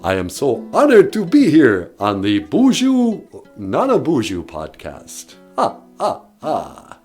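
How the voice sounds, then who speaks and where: A man's voice: mid-range voice, huge pitch swings, slow pace, a little mellow, slightly rough, soft background music, heavily acted. A man voicing a courtly vampire count with a put-on Transylvanian accent and stagey laughter. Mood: grandly polite. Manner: grand, stagey, bursts of "ah, ah, ah" laughter. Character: theatrical counting vampire, male, adult, courtly.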